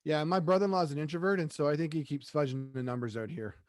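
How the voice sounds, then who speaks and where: Joking co-host man, slightly higher voice. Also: quick pace, dry recording. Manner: joking, rambling, repeats words. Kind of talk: casual chat.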